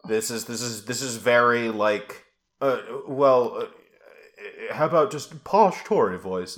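A man co-hosting a podcast in casual chat, halting and full of fillers, with a dry sarcastic wit. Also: mid-range voice, a bit bright. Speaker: podcast co-host.

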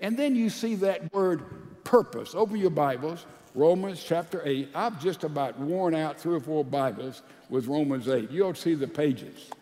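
A man, a pastor, preaching a sermon with emphatic swings between loud and soft delivery. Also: on the high side, moderate pace, in a large hall.

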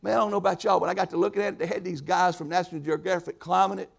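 A man preaching a sermon, telling folksy stories and swinging from soft asides to loud bursts. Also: high voice, fairly even intonation, racing, creaky.

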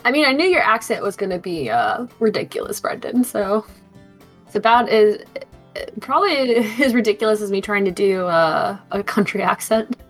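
A woman playing in a tabletop game, rambling and filling pauses as she describes the action. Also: medium pitch, lively intonation, soft background music. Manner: rambling, full of fillers. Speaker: player. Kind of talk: casual tabletop game chat.

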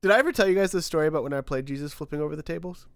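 A man's voice: fairly high pitch, very fast, dry recording. A young man co-hosting a casual podcast, telling stories with lots of fillers and bursts of laughter. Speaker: podcast co-host. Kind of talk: casual chat, storytelling.

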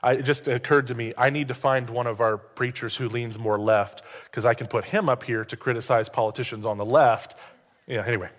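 A man's voice: mid-range voice, fairly even intonation, a little fast. Male pastor preaching in a reverberant hall. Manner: conversational, joking asides. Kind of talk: sermon.

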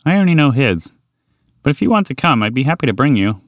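A man's voice: medium pitch, very animated, fast, no echo, clean studio sound, pitched above the performer's own voice. A man voicing a kindly storybook horse. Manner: kindly, reassuring, offhand. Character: friendly, easygoing talking horse. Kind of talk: storybook character voice.

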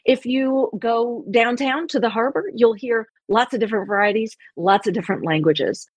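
A woman's voice: on the high side, moderate pace, no echo. A woman from the Baltimore area, speaking as a linguist guest, explaining in an articulate and enthusiastic way. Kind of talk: conversational explanation.

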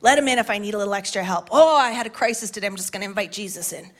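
A middle-aged woman pastor preaching a sermon in a church, passionate and building to shouts at the big moments. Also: medium pitch, very fast. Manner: passionate, rising to shouts at climaxes. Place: church sanctuary with balcony.

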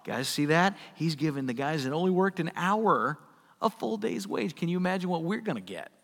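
Animated high-voiced male preacher. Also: moderate pace, vocal fry, big-room sound. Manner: animated, acts out quoted voices, folksy asides. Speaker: pastor. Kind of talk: sermon.

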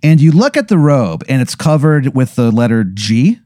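A man's voice: medium pitch, big pitch swings, moderate pace, warm tone, no room sound, clean studio sound. Rambling, profane comic storyteller man. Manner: rambling, profane, lots of fillers. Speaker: podcast co-host. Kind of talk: comedic storytelling.

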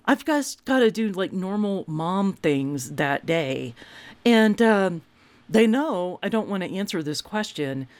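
Animated woman in her fifties telling stories. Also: medium pitch, slow, no echo. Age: 50s. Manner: animated, self-mocking, voice jumps up for punchlines. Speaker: vlogger. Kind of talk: comic personal storytelling.

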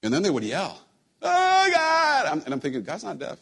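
A man preaching a sermon to his church in a relaxed, conversational way, joking with the congregation and often repeating his words. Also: medium pitch, fast. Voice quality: husky. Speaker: pastor. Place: church sanctuary.

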